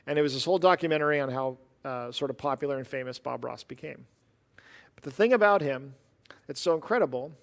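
A man preaching a sermon, animated and conversational, with casual asides. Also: a little high, long reverb tail. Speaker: pastor.

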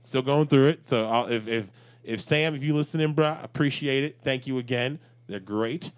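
A man's voice: mid-range voice, moderate pace. A man co-hosting a podcast, telling stories in rambling casual chat, full of fillers and swearing. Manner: rambling storyteller, swears freely, many fillers. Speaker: podcast co-host.

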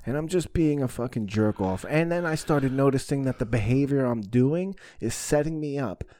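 Profane, animated male podcast host. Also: mid-range voice. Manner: frank, profane, quick to act out his own reactions. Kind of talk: casual conversational storytelling.

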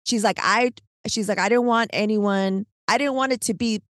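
A woman co-hosting a podcast, telling a long story in casual, animated, slangy chat, full of "like" and "right?". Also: mid-range voice, moderate pace, no echo, studio quality. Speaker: podcast co-host.

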